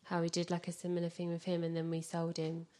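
Lowish-voiced woman in chatty fan talk. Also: monotone, fast talker, dark tone. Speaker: podcast guest. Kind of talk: casual football fan chat.

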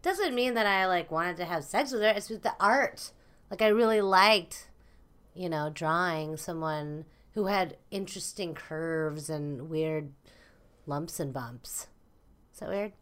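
A woman's voice: on the low side, unhurried, a bit bright. A woman co-hosting a podcast in a casual chat, supportive and laughing often. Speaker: podcast co-host.

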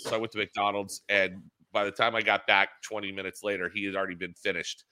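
This middle-aged man has a low, smooth voice and talks fairly quickly. Co-hosting a casual racing talk show over a video call, he tells animated, rambling stories with lots of restarts, picked up by a laptop's built-in camera mic.

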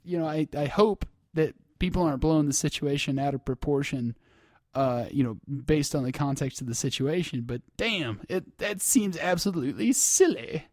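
A man's voice: fairly high pitch, lively intonation, moderate pace, darkish tone, no room sound, studio quality. A man casually telling a crude, joking story, full of fillers and laughter. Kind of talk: casual chat.

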